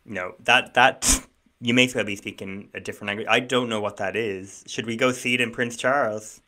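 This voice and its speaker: A man's voice: on the low side, steady tone, quick pace, pushed and bright. A man co-hosting a film podcast, jokey and self-deprecating as he guesses clips. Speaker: podcast co-host guessing in a quiz. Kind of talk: casual chat.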